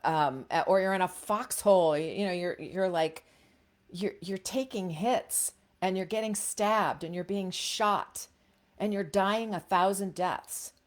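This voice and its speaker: A woman's voice: mid-range voice, unhurried. A middle-aged woman coaching voice actors in a casual, frank teaching talk, chatty with many fillers and restarts.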